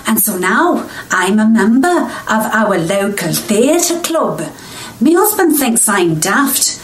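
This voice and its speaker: A woman's voice: medium pitch, sing-song, slow, roomy sound, a little hiss or hum. A woman putting on a wandering fake Liverpool accent. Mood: earnest. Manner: accent wanders between northern English regions. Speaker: dialect coach. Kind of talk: scripted accent demo clip.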